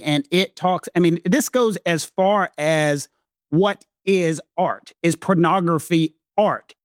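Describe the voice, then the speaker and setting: A man with a Southern US accent, co-hosting a casual talk show and explaining law points emphatically, slowing down to stress key words. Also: sits high, no echo, clean studio sound. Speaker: legal podcast co-host.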